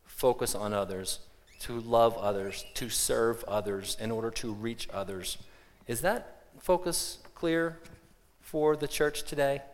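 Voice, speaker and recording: A man preaching a sermon as pastor, conversational and plain, often restarting his phrases and telling a joke along the way. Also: medium pitch. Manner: conversational, tells a joke, frequent restarts and fillers. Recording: long hall reverb.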